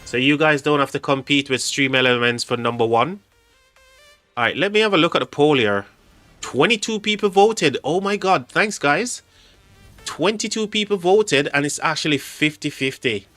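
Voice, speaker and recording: A man's voice: fairly high pitch, lively intonation, normal speed, a bit bright, faint music behind. A man hosting a casual livestream, reading chat aloud and laughing often. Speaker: livestream host.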